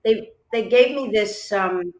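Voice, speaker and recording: A woman's voice: mid-range voice, slow pace. Woman songwriter on a podcast, laughy and self-mocking, roomy echo on her mic. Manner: chatty and self-deprecating, laughs often. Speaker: singer-songwriter and author, guest. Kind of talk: casual interview chat. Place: lives in Melbourne.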